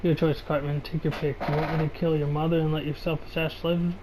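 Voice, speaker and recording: A man voicing a sadistic knife-wielding avenger, hateful snarling threats, slightly raised voice, fast spiteful delivery. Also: on the high side, level tone, a little mellow, slight background noise, natural voice, poor audio. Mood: menacing.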